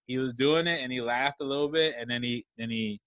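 A man's voice: mid-range voice, a little fast, fairly bright tone, no echo. A young man in casual chat, laid-back and slangy, chiming in on a friend's story.

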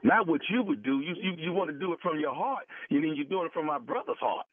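Male prank caller, slightly high voice, pushy and repetitive, over a dry, tinny phone line. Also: lively intonation, fast talker, dry recording. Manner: pushy, repeats himself, stammering restarts. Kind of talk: prank phone call posing as a grieving brother.

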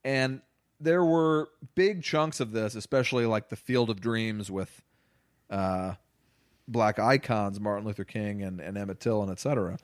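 A man's voice: on the low side, unhurried, dry recording, studio quality. Exasperated, ranting man on a podcast. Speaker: podcast co-host reviewing movies. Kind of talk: casual chat.

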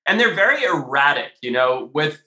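A man with a fairly high, bright, forceful voice tells a tale in a loose, animated way, cursing now and then. The sound is roomy, with a clear echo around him. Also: moderate pace. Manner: animated, swears freely, many fillers. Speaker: podcast guest, shark diver. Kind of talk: casual storytelling.

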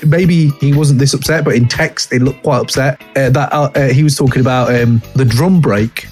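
A man hosting a hip hop podcast, talking in an animated, emphatic way and swearing freely. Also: mid-range voice, moderate pace, faint music behind. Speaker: podcast host. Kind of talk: casual podcast talk.

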